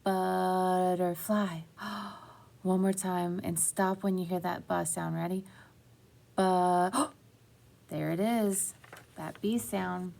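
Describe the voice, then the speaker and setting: A woman teaching young children a phonics lesson, slow and encouraging, stretching out words. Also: on the low side, fairly even intonation, creaky, darkish tone.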